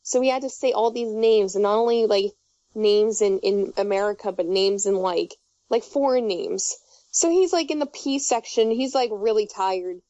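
A young woman chats casually in a mid-range, mellow voice at a normal pace, spinning rambling, giggly stories packed with fillers and restarts. There's no echo, though the recording sounds dull and muffled.

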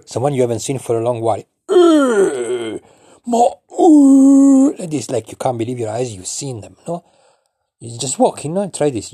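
A man's voice: medium pitch, mellow, husky, dry recording, clean studio sound. A man from Italy, giving an informal lesson and animatedly acting out greetings with exaggerated exclamations. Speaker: language teacher.

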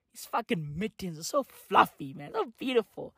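A woman delivering a profane comedic rant, full of slang, dropping to low mutters and then jumping to high shouted outbursts. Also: big pitch swings, moderate pace, hardly any pauses, husky, no room sound, clean studio sound. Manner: heavy slang fillers. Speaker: comic ranter.

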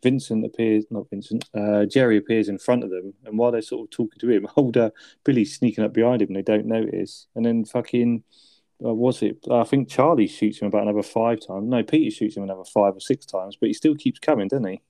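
A man's voice: on the low side, steady tone, brisk, creaky, warm tone, no echo. A man chatting casually about a film on a podcast, laughing often and asking his co-host to agree.

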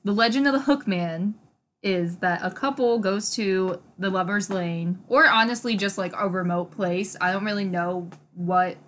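A woman's voice: mid-range voice, normal speed, a bit bright. A woman co-hosting a casual podcast, telling an urban legend in an easygoing way. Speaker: podcast co-host.

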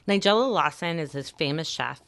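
Brief: female co-host, very low and smooth voice, wry explainer. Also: expressive, a little fast, a bit bright. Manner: chatty, wry, explains topics. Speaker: podcast co-host. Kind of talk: casual chat.

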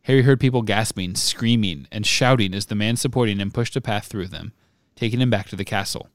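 A podcast host reading a book chapter aloud in measured, even narration. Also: male voice, lowish voice, no room sound, studio quality.

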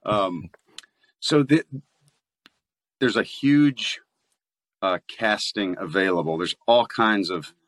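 A low-pitched American man chatting in an interview. He laughs easily and often restarts his sentences. The sound is dry and close to the mic. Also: slow pace, pauses often, fairly bright tone, no echo. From United States. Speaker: voice actor guest. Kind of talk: casual interview chat.

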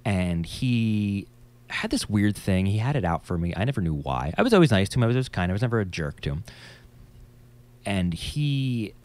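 Deep-voiced man telling a lively story. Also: normal speed. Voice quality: a little nasal. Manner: animated storyteller, swears freely. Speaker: musician. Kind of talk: casual podcast chat, storytelling.

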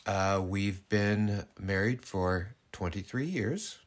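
A man's voice: on the low side, expressive, slow pace. A middle-aged man co-hosting a podcast, telling stories in casual chat with lots of fillers and laughter. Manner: laughing, full of fillers and restarts. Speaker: podcast co-host.

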